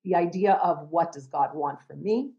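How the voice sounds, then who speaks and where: A middle-aged woman, an educator and chaplain, speaking reflectively in an interview, with many restarts and soft laughs. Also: fairly low pitch, normal speed, highs cut off.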